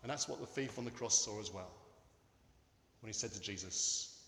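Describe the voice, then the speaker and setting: A man preaching a sermon in a church, earnest and emphatic, with dramatic pauses. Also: on the low side, pushed and bright, a little hiss or hum. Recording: echoey hall with long reverb.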